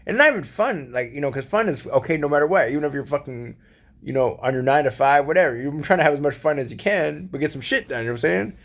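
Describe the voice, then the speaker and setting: A man with a slightly high, animated voice talks fast in a casual late-night monologue. He's a solo vlogger rambling along with profanity and laid-back slang, laughing often as he goes.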